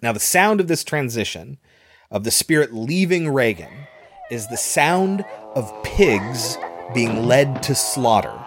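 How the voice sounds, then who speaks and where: A man's voice: mid-range voice, sing-song, measured pace, soft background music. A man casually retelling a film scene by scene, with loose fillers along the way. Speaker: podcast host recapping a film.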